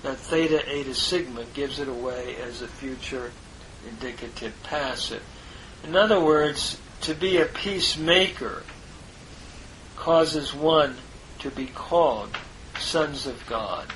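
A man teaching a verse-by-verse Greek lesson, parsing each word in a deliberate, halting way with many fillers. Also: medium pitch, a bit bright, slight background noise, low-quality recording. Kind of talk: slow parsing of a biblical text.

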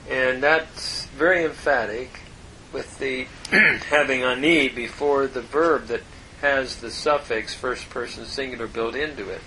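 Male Hebrew teacher, slow and deliberate, bright tone, faint rumble underneath. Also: fairly even intonation, poor audio. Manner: slow, deliberate, parsing word by word with pauses. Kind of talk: verse-by-verse Hebrew lesson.

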